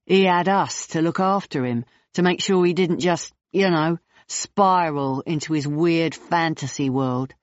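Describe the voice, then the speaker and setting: Narrator doing blunt laid-back clown guy, estuary accent, slow, muffled dry sound. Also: a little high, dry recording, close to an everyday voice. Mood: casual. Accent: Estuary English. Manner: blunt, casual. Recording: dull lo-fi dry recording.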